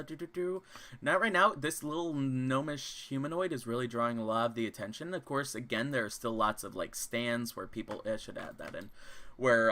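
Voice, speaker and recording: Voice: mid-range voice, a bit bright. A game master narrating a tabletop role-playing game in a casual, rambling way with many fillers.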